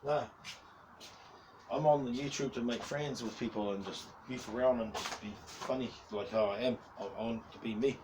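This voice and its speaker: A man's voice: mid-range voice, moderate pace. A man in his forties who rambles and swears heavily in a casual rant as a YouTuber, often breaking into laughs. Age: 40s. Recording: distant mic with faint background noise.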